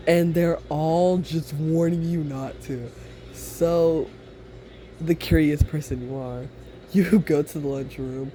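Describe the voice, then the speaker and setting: A man's voice: fairly high pitch, steady tone, slow, warm tone. A young man casually telling a second-person listener story, rambling and giggly, with many fillers.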